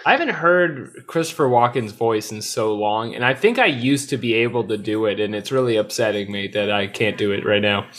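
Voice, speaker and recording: A man co-hosting a casual comedy podcast, tossing in quick sardonic one-liners, with an American accent. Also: on the low side, animated, a bit bright. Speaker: podcast co-host.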